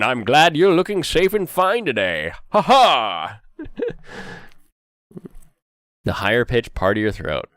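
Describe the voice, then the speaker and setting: A man's voice: low-pitched, clear, resonant tone, no room sound, studio quality. A young man hosting a casual anime chat while sick, rambling with many fillers and frequent laughs. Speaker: host.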